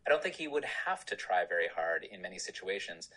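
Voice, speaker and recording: A man's voice: sits low, sing-song, fast talker, pushed and bright, rough recording. A man, a film director, answering interview questions in a rambling, self-deprecating way with frequent laughs.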